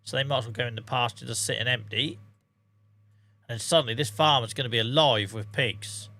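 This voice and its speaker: A man from England with a Norfolk accent gives relaxed live-stream commentary while he plays. His voice has a bright, forward edge. He chats straight to his viewers, calling them guys and mate. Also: mid-range voice, fairly quick, no echo. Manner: chatty, talks to chat viewers, says mate. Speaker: game streamer.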